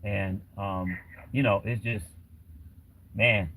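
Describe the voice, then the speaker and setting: A man's voice: fairly low pitch, fairly even intonation, slow pace, sharp tone, a little hiss or hum, low-quality recording. A man hosting a casual livestream, talking in a rambling way with lots of fillers. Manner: rambling, many fillers and restarts. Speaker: livestream host.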